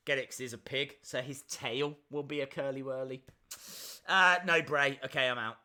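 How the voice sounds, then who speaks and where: A man's voice: mid-range voice, steady tone, normal speed, sharp tone. A man hosting a live reaction stream, chatting and answering viewer questions as they come in.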